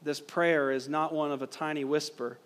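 A man's voice: a little high, level tone, normal speed, clear, resonant tone. A male pastor preaching a sermon, emphatic and driving points home with rhetorical questions. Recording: long reverb of a hall.

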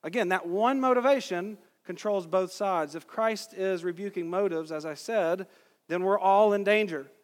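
A pastor in his thirties preaches a sermon in a church sanctuary, conversational and self-deprecating, posing rhetorical questions to the congregation. His voice sits high at a moderate pace, carried by the long reverb of the church hall.

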